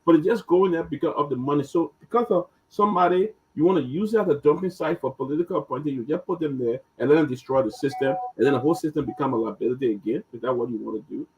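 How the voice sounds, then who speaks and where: A man's voice: fairly high pitch, fast, hardly any pauses, a little mellow, dull audio, slight background noise. A man on a political panel, indignant and firing rhetorical questions. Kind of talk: political talk show commentary. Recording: distant, husky call audio.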